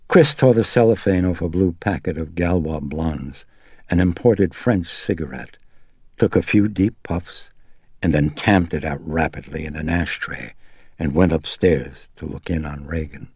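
Man narrating, gravelly texture, dry close recording, steady reading. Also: extremely low pitch, unhurried, dry recording. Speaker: audiobook narrator. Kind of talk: scripted narration.

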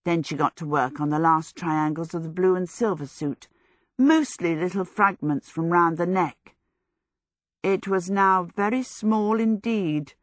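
Woman, audiobook narrator, low voice, dry close sound, steady storytelling. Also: unhurried, no room sound.

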